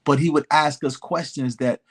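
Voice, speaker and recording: A man's voice: on the high side, normal speed, slightly rough. A man in his fifties, a rapper and elected official, telling stories as a podcast guest and acting out the people he quotes. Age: 50s. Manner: animated storyteller who acts out quoted voices. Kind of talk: casual storytelling interview.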